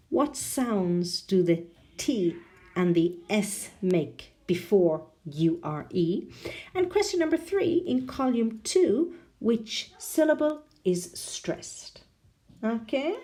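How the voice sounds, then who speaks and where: A woman teaching English pronunciation online. She often tags her sentences with a questioning "no?" and spells out and exaggerates sounds slowly for learners. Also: mid-range voice, mellow. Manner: ends many sentences with a questioning "no?".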